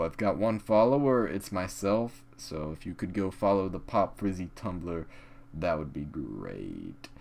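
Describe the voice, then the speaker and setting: A young man hosting a comedic vlog in character, rambling crudely with sudden loud outbursts. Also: low-pitched.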